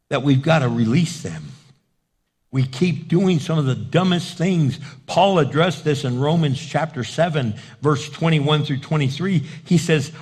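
A man's voice: fairly high pitch, breathy edge. A male pastor preaching a sermon with emphatic repetition and rhetorical questions.

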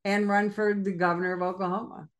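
A woman's voice: medium pitch, little pitch movement, quick pace. A woman hosting an interview who teaches police wellness classes, asking appreciative questions. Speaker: podcast host and police wellness instructor.

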